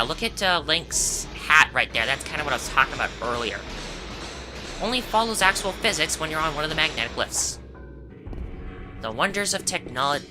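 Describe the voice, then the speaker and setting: A woman giving casual, rambling gameplay commentary, full of asides and fillers. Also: sits low. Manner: chatty, rambling, frequent "uh" and "anyway". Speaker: game commentator. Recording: game music behind voice.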